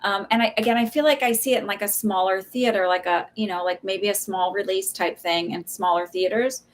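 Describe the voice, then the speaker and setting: Woman, thirties, psychic livestream host, casual, hesitant fillers, chatty asides, mid pitch. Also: brisk. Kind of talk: casual live reading, answering viewer questions.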